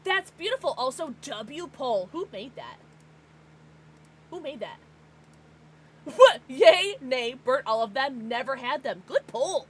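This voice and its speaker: An American woman livestreaming, chatting casually with her viewers in an excitable, bubbly way. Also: sits high, slow, long pauses, a little hiss or hum. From United States. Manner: excitable, bubbly, gasps and laughs often.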